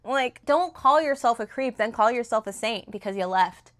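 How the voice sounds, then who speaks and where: A young woman reviews a book in casual, rambling chat, retelling the novel's plot with lots of fillers and restarts. Her voice is fairly high and a bit bright, with lively intonation at normal speed, recorded on a phone.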